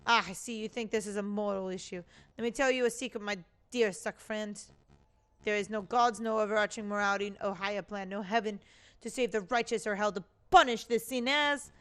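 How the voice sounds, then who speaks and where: A woman's voice: medium pitch, fairly even intonation, brisk, smooth, natural voice. Sinister, coaxing friar villain; woman voicing. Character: scheming, nihilistic male friar villain.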